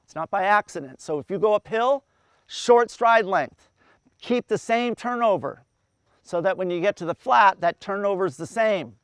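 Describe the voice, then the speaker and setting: A man's voice: high-pitched, lively intonation, moderate pace, clear, resonant tone, dry recording. A man coaching a group outdoors, explaining running and swimming cadence step by step and counting breaths aloud in rhythm. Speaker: endurance coach.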